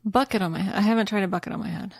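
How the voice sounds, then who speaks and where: A woman's voice: medium pitch, very fast, gravelly, background noise. A woman hosting a podcast in casual chat, chatty and self-deprecating. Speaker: podcast host.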